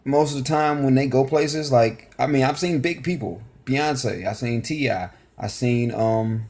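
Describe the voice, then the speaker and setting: A man's voice: medium pitch, a little slow, a little mellow. A man chatting casually while reacting to a video, rambling loosely from one thought to the next. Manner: rambling, loose, full of restarts and fillers. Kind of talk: casual chat.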